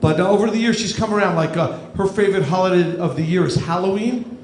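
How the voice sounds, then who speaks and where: Stand-up comedian, man in his fifties, high voice, dry self-deprecating jokes, echoey club with audience noise. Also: quick pace, a little mellow. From New Jersey. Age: 50s.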